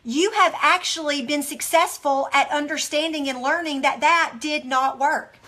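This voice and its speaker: A woman's voice: high-pitched, steady tone, moderate pace, bright, forceful tone. A woman hosting a motivational devotional talk, speaking with intense, emotional earnestness and addressing her listeners directly. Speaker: host.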